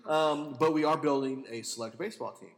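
A man hosting a casual family podcast, rambling and animated, laughing often. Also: on the high side, fairly quick. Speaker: podcast host. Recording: long hall reverb.

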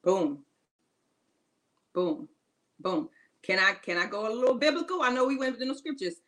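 A woman's voice: sits high, expressive, racing, pushed and bright, rough recording. A woman co-hosting a faith-based podcast, giving emphatic encouragement in casual talk and repeating her key phrases. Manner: informal, casual grammar. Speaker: podcast co-host.

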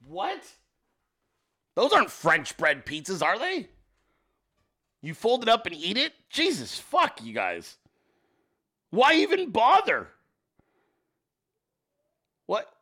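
A man's voice: high voice, huge pitch swings, slow, long pauses, pushed and bright, breathy edge. A man hosting a casual livestream, sarcastically riffing on viewer pictures and swearing freely. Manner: profane, sarcastic, riffing at the audience. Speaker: livestream host.

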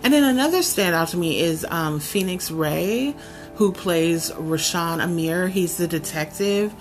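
A woman's voice: on the low side, unhurried. Sassy woman podcast host, takes her time, faint music under her. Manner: sassy, sarcastic, animated asides. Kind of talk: casual show review.

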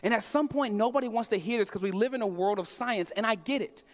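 A pastor preaches in a strikingly high voice. He shifts from quiet, intimate stretches to rousing, emphatic calls. The sound rings with the long reverb of a large church hall. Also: fast. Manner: impassioned preaching, swinging from hushed to emphatic calls. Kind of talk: sermon. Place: church sanctuary.

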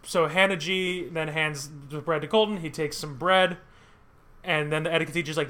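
A man's voice: fairly high pitch, fairly even intonation, moderate pace, sharp tone. A young man co-hosting a podcast, chatting casually and rambling with lots of fillers. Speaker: podcast co-host. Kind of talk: casual chat. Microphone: headphones and podcast mic.

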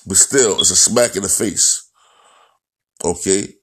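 A man goes off on a sports rant in a lowish voice. He is blunt and profane and keeps repeating his points as he hammers them home. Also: slow pace, a bit bright, husky. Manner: blunt, profane, repetitive, ranting. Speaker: football commentator.

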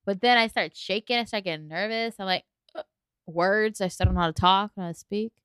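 A woman's voice: mid-range voice, brisk, a bit bright, smooth, no room sound, studio quality. A young woman co-hosting a casual podcast chat, nervous and teasing, laughing often and swearing. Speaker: podcast co-host.

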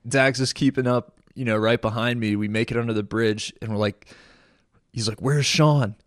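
A man, a military veteran, recalling combat in a relaxed, chatty podcast conversation. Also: medium pitch, normal speed, no echo, studio quality. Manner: relaxed, chatty retelling with friendly asides. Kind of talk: casual storytelling conversation.

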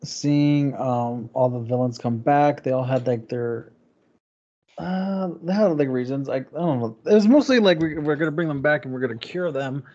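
Young male co-host, relaxed and brief, on a slightly muffled mic. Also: mid-range voice, moderate pace. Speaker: podcast co-host. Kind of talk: casual movie review chat.

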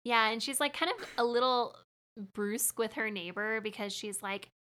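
A woman's voice: a little high, moderate pace, sharp tone, clear, resonant tone. A young woman talking casually about a movie, chatty, laughing often and acting out lines.

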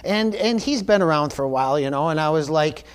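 Candid storytelling pastor, slightly high voice. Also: male voice, animated, a little fast, clean tone. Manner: candid, self-deprecating storytelling. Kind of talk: sermon. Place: church service.

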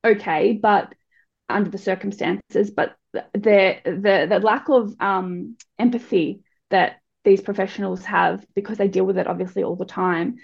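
A woman's voice: medium pitch, a little slow, creaky, breathy edge. A young adult woman frankly telling a personal story as an interview guest, often restarting her sentences. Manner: candid and frank, with frequent restarts. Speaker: guest speaker. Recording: dull lo-fi recording.

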